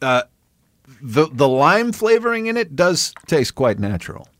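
A man co-hosting a comedy podcast, rambling in animated casual chat with casual swearing. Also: fairly high pitch, a little slow, no room sound. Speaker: podcast co-host.

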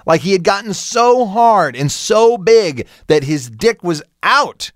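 A man co-hosting a comedy podcast, telling a long rude anecdote in casual chat, animated and swearing freely. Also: sits high, slow pace, no room sound, studio quality. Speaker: podcast co-host.

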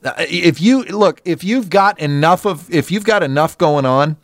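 A man's voice: moderate pace, no echo. A man co-hosting a podcast, talking in crude casual banter, rambling with restarts. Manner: rambling, restarts, lively pitch swings. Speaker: podcast co-host.

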